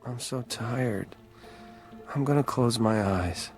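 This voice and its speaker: A man's voice: mid-range voice, slow pace, a little mellow, soft background music. An actor playing a wounded man who is dying after being shot, gasping and desperate. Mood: fading. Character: wounded dying adult man, pleading brother. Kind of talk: video game voice acting.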